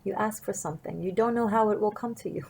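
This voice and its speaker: A woman's voice: medium pitch, fast talker, creaky, darkish tone, husky, poor audio. A woman tarot reader and martial artist telling a personal story to her viewers in an earnest, reflective, wandering way. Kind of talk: casual storytelling to camera.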